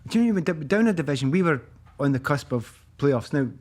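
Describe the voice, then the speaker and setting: A man in his fifties with a Glaswegian Scottish accent, a guest telling lively anecdotes in casual chat and laughing often. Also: on the high side, fast talker. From Scotland, east end of Glasgow. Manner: animated anecdotes, acts out quoted voices, laughs often. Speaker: guest, former footballer.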